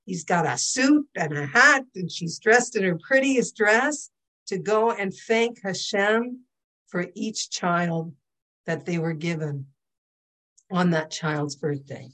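A woman's voice: fairly low pitch, takes it slowly, poor audio. Middle-aged woman teaching a Torah lesson. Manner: animated, conversational, asks the audience "okay?" and "hello?". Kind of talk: Jewish religious lesson with storytelling.

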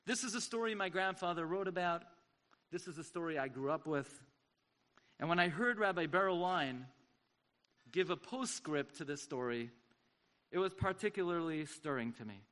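A man giving an impassioned sermon-style story at a community event, swinging from hushed to loud. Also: high voice, animated, normal speed.

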